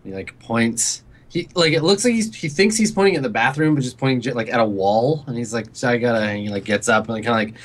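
A man's voice: mid-range voice, animated, fast talker, hardly any pauses. A man narrating as game master of a tabletop game, casual and rambling with many fillers.

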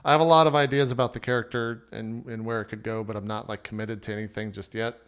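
A man's voice: on the low side, steady tone, fast talker, fairly bright tone, smooth. A man chatting casually about playing a tabletop game character, enthusiastic and rambling and laughing often. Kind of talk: casual podcast chat.

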